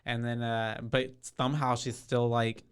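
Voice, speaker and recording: A man's voice: mid-range voice, flat delivery, a little slow, clear, resonant tone. A man co-hosting a podcast, casually retelling a horror film scene with many fillers. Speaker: podcast co-host.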